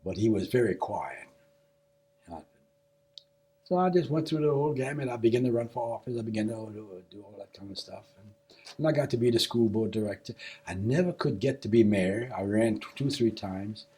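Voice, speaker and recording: An older man being interviewed for an oral history, recounting his past in a casual, animated way and acting out the dialogue. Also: fairly low pitch, a little fast, slightly rough. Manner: animated storyteller who acts out quoted dialogue. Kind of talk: casual spoken recollection.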